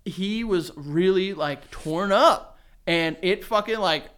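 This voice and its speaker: A man co-hosting a podcast in casual chat, telling lively stories, acting out quotes and laughing often. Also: high-pitched, slow pace, clean tone. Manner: animated storyteller who acts out quotes and laughs often. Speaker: podcast co-host.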